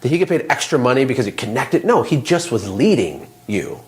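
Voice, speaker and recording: A man, a small business owner and coach, talking in a casual interview with animated, motivational storytelling. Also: mid-range voice, a little fast.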